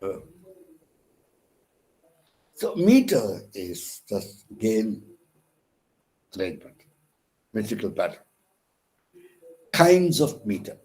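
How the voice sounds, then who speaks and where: Indian english guy teaching meter, talks slow, lots of uh and okay, repeats himself. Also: lowish voice, very animated, warm tone, rough recording. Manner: slow, repeats phrases and scans verse aloud; restarts mid-word, fillers like uh and okay. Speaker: counsellor for distance learners. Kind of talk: online lecture on poetic meter.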